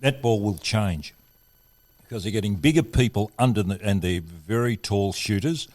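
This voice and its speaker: A man's voice: fairly low pitch, moderate pace, darkish tone. A man co-hosting a sports podcast, blunt and argumentative in casual chat. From Australia. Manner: blunt, argumentative, then explains at length. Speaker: podcast co-host.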